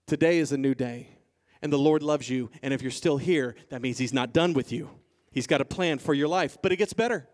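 A male pastor preaching a sermon, moving from quiet, soft passages to loud, emphatic declarations and calling out to the congregation. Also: a little high, brisk. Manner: calls to the congregation.

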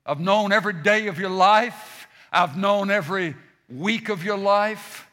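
A man's voice: high-pitched, a little slow, pushed and bright, long reverb tail, voice pushed up. A male preacher speaking as God, a commanding and reassuring divine voice that declares its power with a repeated refrain.

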